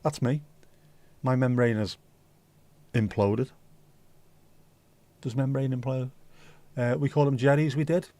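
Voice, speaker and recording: A man's voice: mid-range voice, steady tone, a little slow, pauses often, warm tone, dry recording. A tired man hosting a casual livestream, rambling and reacting to chat with the odd swear word. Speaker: livestream host.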